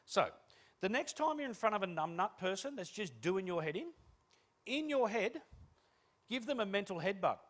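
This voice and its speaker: A man's voice: sits high, normal speed. A middle-aged Australian man giving a comic motivational keynote talk to a room, telling stories with jokes. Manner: animated, joking storyteller. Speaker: keynote speaker. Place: room with a live audience.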